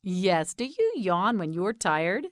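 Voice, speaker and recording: A woman with an American accent teaching English pronunciation, saying each word slowly and clearly and asking the listener to repeat it. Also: fairly low pitch, very animated, no room sound, studio quality. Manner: repeats words slowly and asks the listener to say them back. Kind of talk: slow, clear scripted lesson narration.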